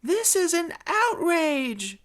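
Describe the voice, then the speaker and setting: A man's voice: extremely high pitch, sing-song, takes it slowly, fairly bright tone, voice pushed up, heavily acted. A man voicing a pompous, handsome male pigeon, indignant and drawling. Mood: outraged.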